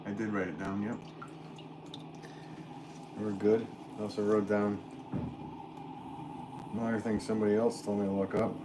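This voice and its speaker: A man from Connecticut talks casually to his livestream viewers, his voice sitting low and easy. He chats and laughs lightly as he answers comments. A clear hum of background noise runs under the studio recording. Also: moderate pace, long pauses. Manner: relaxed, chatty, reads viewer comments aloud with little laughs. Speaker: potter hosting a livestream. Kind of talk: casual livestream chat while working. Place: pottery studio.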